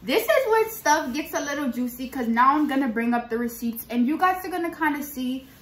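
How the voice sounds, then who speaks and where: A woman's voice: sits high, expressive, a little fast, fairly bright tone. A young woman telling a storytime to camera in casual, blunt, slangy and profane talk. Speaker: vlogger. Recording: echoey room.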